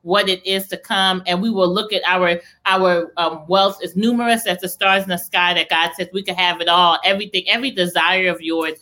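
A woman's voice: fairly low pitch, steady tone, moderate pace, hardly any pauses, sharp tone. A young woman hosting a podcast, chatting eagerly about faith and business with lots of restarts. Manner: enthusiastic, faith-filled, rambling with restarts. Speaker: podcast host. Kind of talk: casual live-stream chat.

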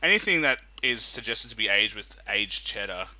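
A man co-hosting a casual chat, enthusiastic and expressive. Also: lowish voice, normal speed, low-quality recording. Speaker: podcast co-host.

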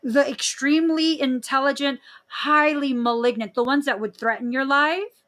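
A young woman hosting a podcast in casual chat, expressive, with frequent laughs and exclaimed reactions. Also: high voice, moderate pace. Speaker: podcast host.

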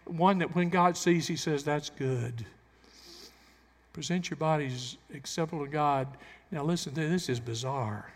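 A man's voice: a little high, measured pace. Preaching man with a drawl. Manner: preaching with rising emphatic bursts and acted-out quotes. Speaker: pastor. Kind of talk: sermon. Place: church sanctuary. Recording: long hall reverb.

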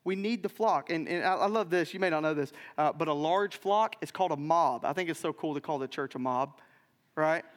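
High-voiced man preaching in a hall. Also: a little fast. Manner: animated storytelling with frequent "right?" asides. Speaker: pastor. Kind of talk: sermon. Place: church sanctuary.

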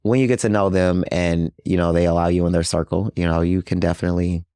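Man, very low voice, earnest interview guest, lots of "you know", dry close sound. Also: little pitch movement, fast, dark tone, clean tone, dry recording. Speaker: guest, HIV outreach worker. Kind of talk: casual interview talk.

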